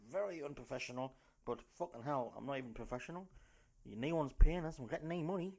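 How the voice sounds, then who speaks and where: A man with a North East English accent hosting a loud, sweary, rambling news rant podcast. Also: mid-range voice, fast, gravelly. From North East England. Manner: loud, sweary, rambling, jumps into silly put-on voices. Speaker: podcast host.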